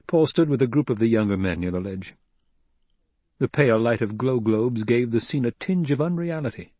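A man narrating an audiobook in a measured, even delivery. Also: medium pitch, no echo.

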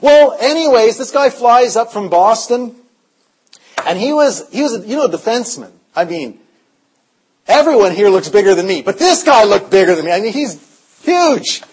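A man preaching a revival sermon, telling stories in an animated way, his voice swinging between loud and hushed. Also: high voice, normal speed, husky. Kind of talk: storytelling sermon.

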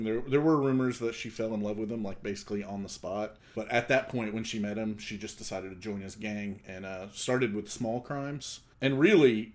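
A man co-hosting a podcast in casual chat, laughing often and swearing casually. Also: on the low side. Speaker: podcast co-host.

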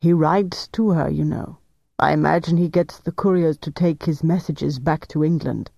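A man reading aloud, voicing a cool, calculating male officer who questions with gentle persuasion. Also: on the high side, normal speed, gravelly, no echo, lo-fi sound. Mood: coaxing.

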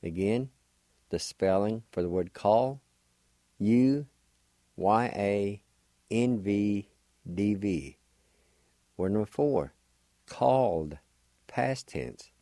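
Male radio language teacher, very slow and patient, mellow low voice, dry studio sound. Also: animated, no echo. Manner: patient, spells words out letter by letter; sounds out syllables slowly and repeats them.

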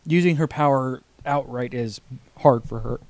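A man co-hosting a casual podcast, talking in an animated, exasperated way and laughing often. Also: medium pitch, normal speed, slight background noise. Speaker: podcast co-host. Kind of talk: casual chat.

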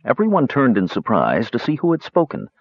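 A man narrating a fantasy story in an expressive audiobook style. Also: medium pitch, brisk, husky, dry recording. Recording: dull, dry close recording.

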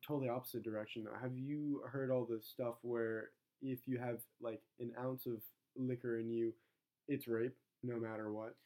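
A man's voice: medium pitch, level tone, moderate pace, warm tone. Wisecracking young man with crude asides. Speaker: podcast co-host. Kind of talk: casual podcast banter.

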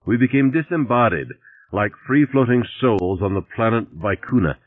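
With a medium-pitched voice and lively intonation, an audiobook narrator reads a novel aloud at normal speed in a dry, wry first-person manner. The recording is dry, tinny, and lo-fi.

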